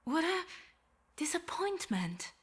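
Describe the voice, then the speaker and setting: An actress playing a proud, defiant occult scholar in a story game, speaking in a cool, self-assured way. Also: female voice, extremely high pitch, big pitch swings, slow pace, exaggerated voice.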